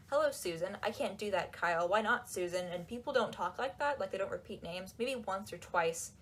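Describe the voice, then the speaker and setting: A woman talking in a casual, animated and sarcastic way, with lots of "like"s, while she folds laundry. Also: lowish voice. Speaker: book reviewer. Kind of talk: casual chat.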